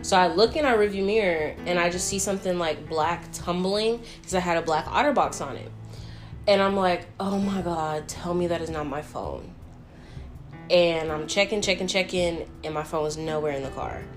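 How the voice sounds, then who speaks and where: A woman's voice: fairly low pitch, fairly quick. Chatty young woman, faint guitar music. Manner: chatty, animated, many fillers and "like". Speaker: vlogger. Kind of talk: casual Q&A storytelling.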